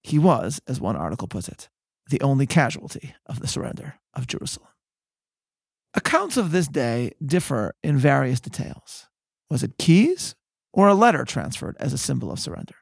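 A man hosting a podcast, telling history in measured, scripted narration that slows for emphasis. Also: mid-range voice, huge pitch swings, vocal fry, breathy edge, no room sound, studio quality. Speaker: podcast host.

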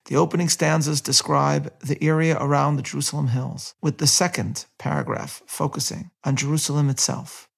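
A man hosting a podcast, reading a measured scripted narration and quoting passages aloud. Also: on the high side, little pitch movement, gravelly, slightly rough. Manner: measured, reads quotes aloud with light character inflection. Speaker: podcast host.

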